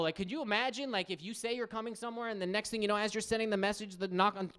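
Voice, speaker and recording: A man in his thirties doing a stand-up comedy set on a club stage, telling animated stories and acting out the people in them. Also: racing, clean tone. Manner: animated storytelling, acts out quotes in higher voices.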